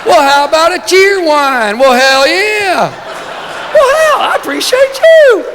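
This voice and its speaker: A man's voice: very high voice, big pitch swings, measured pace, over a noisy crowd, very noisy, voice pushed up, heavily acted. A man mimicking a hearty, folksy small-town man with an exaggerated, hollering drawl. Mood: effusive. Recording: long banquet-hall reverb.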